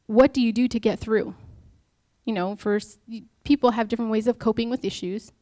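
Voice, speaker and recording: A woman's voice: on the high side, steady tone, fairly quick, dark tone, dry recording. Chatty woman giving a devotional talk. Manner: chatty and candid, with many fillers and rhetorical questions. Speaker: speaker at a church talk. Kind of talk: informal devotional talk with personal stories.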